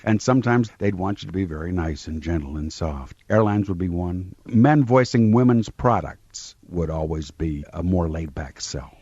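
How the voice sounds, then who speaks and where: A man's voice: sits low, lively intonation, moderate pace, hardly any pauses, dark tone, breathy edge, no room sound. A man who was a radio DJ, recalling his commercial work in a confident, emphatic way. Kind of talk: reminiscing interview talk. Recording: muffled lo-fi recording.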